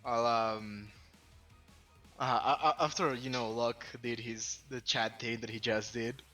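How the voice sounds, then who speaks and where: A man's voice: medium pitch, steady tone, unhurried, sharp tone, faint music behind. A man playing a tabletop game over a voice call who swears a lot and describes his moves in rambling sentences full of fillers. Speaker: player. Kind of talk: casual tabletop game play. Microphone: computer headset or desk mic on a voice call.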